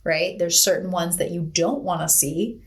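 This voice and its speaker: Female podcast co-host, slightly low pitch, plain and playful explainer. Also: moderate pace. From Pacific Northwest of the US. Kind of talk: casual health podcast chat.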